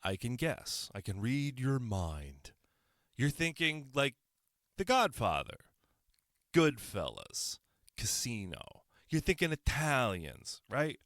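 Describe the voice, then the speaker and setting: A man's voice: mid-range voice, sing-song, slow pace, a bit bright, no room sound, studio quality. A man hosting his own opinion podcast, talking on his own into a microphone, sarcastic and firing off rhetorical questions. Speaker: podcast host. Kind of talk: solo opinion podcast monologue.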